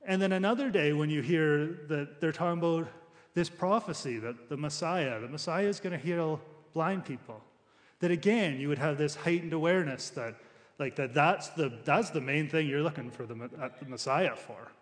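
A man delivers a sermon in an easygoing, conversational way, often restarting his sentences as he works through a passage. His voice sits a little high for a man. The sound rings with the long reverb of a large church hall. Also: normal speed. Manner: conversational preaching with frequent restarts. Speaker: pastor.

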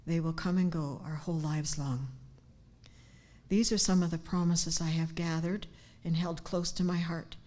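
An older woman giving a heartfelt personal devotion, earnest and sincere, sometimes dropping to a hushed near-whisper. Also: sits low, steady tone, normal speed. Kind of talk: personal devotional talk with scripture. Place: church gathering, speaking standing up.

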